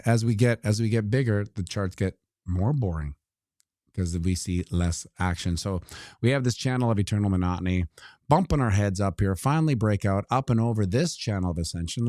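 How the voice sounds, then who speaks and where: A man's voice: on the low side, moderate pace, warm tone, no room sound, clean studio sound. A man giving casual, joking commentary on crypto charts while looking things up on his computer. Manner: joking asides, talks while scrolling.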